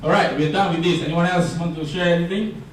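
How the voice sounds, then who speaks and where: This Singaporean-accented workshop speaker has a slightly high voice, fairly even intonation, and a quick pace, and his chatty presentation is peppered with questions to the audience. There's slight background noise and roomy echo from a distant mic.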